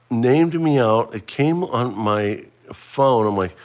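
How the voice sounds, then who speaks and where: A man's voice: medium pitch, animated, takes it slowly, hardly any pauses. A middle-aged man hosting a casual livestream, chatting and running a trivia quiz for viewers he addresses by name. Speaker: livestream host.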